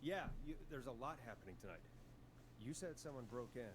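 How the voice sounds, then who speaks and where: A man doing a late-night radio DJ from a horror video game, calm and measured on the air. His voice sits at an ordinary pitch over clear background noise. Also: close to an everyday voice. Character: late-night male radio host, steady and earnest. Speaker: radio host.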